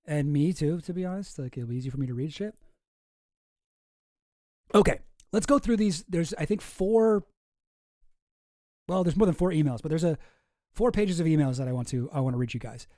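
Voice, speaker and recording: A man's voice: on the high side, lively intonation, moderate pace, long pauses, mellow, dry recording, studio quality. A man hosting a show, reading documents on screen in casual, profane, rambling commentary that mocks himself. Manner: profane, rambling, self-mocking. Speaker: show host.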